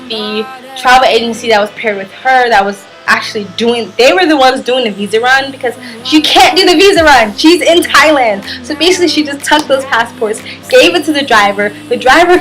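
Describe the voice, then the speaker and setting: A woman vlogger telling a storytime tale in a chatty, rambling way, with "like" dropped everywhere. Her voice sits a little high, and faint music plays underneath. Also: a bit bright, low-quality recording. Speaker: travel vlogger. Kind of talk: storytime vlog.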